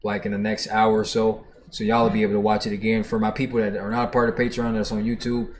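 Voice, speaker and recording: A man's voice: fairly low pitch, completely flat delivery, fast, a little hiss or hum. A man hosting a music reaction livestream, chatting casually and reading viewer comments aloud in a laid-back, profane way.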